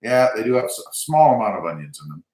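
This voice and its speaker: A man's voice: on the low side, sing-song, fast, darkish tone, echoey room. A man with a Southern American accent hosting a casual live stream, chatting loosely and reading viewer comments aloud with lots of filler words. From South Texas. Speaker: channel host reading live chat.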